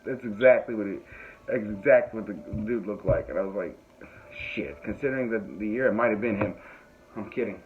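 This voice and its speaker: Brisk and fairly low-pitched, a podcast host delivers a wandering comedic story while faint music plays behind him. Frequent laughter and self-deprecating remarks fill his telling. Tinny, phone-quality audio carries faint noise.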